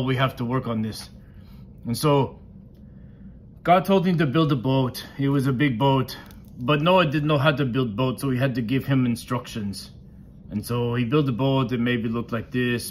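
A man's voice: mid-range voice, close to an everyday voice. Friendly male monster puppet, voiced by a man, children's Bible lesson, simple broken grammar, playful, mid-range voice, faint background noise.

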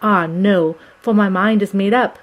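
A woman's voice: mid-range voice, a little slow, natural voice, rough recording. A woman reading as a brave, sorrowful young wife. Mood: resolute. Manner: quiet, resolute, sorrowful. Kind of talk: audiobook character reading.

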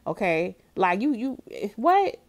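A woman's voice: mid-range voice, very animated, slow pace. A woman from Florida giving a blunt, profane, heated reaction rant in casual talk. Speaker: commentary vlogger.

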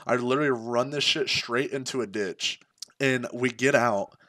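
Young male streamer, mid-pitched, laid-back slangy storyteller, dry close sound. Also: normal speed, bright, forceful tone, no room sound. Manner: laid-back, profane, slangy, filler-heavy. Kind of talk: casual storytelling.

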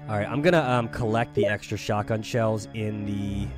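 A man's voice: lowish voice, normal speed. Profane, joking man streaming a game. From Philadelphia area. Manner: profane, joking, rambling, humming to himself. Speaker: gaming streamer. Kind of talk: casual live-stream chat over gameplay. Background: game music.

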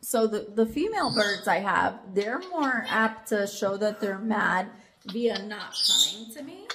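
A woman's voice: medium pitch, animated, unhurried, noisy background. A woman and parrot owner casually explaining her birds' habits, affectionate and teasing. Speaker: parrot owner and channel host. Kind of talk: casual explaining to camera and a guest. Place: indoor bird room at home.

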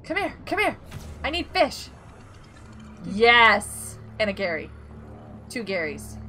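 A young woman streaming a video game, chatting casually and getting excitable, with frequent gasps and giggles. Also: on the high side, slow, soft background music. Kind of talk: casual live gameplay chat.

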